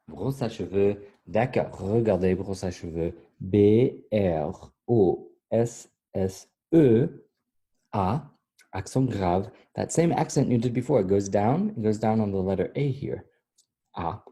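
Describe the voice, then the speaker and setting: Guy teaching french real slow, spells everything out letter by letter, kinda husky low-key voice. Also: dark tone. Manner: patient, spells words letter by letter, mixes French and English. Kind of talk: slow spelled-out language lesson.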